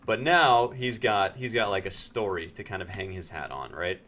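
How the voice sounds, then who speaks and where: A man from Pennsylvania, a game streamer, telling a story in a casual, animated way and acting out other people's lines. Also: on the low side, moderate pace.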